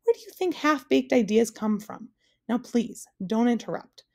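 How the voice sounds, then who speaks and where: A woman's voice: mid-range voice, lively intonation, moderate pace, creaky, a little mellow. A woman doing a snappish, pompous king. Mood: imperious. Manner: snapping, commanding. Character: pompous bossy male king, impatient.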